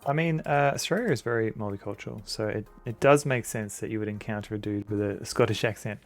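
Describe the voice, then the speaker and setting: A man's voice: lowish voice, fast, faint music behind. A man streaming an old computer game, rambling casually, chuckling and greeting chat.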